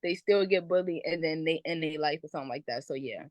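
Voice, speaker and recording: A woman's voice: deep voice, fairly even intonation, fast, few pauses, a little mellow, no echo. A woman on a podcast panel, talking casually in a rambling storytelling way with lots of fillers. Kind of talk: casual chat.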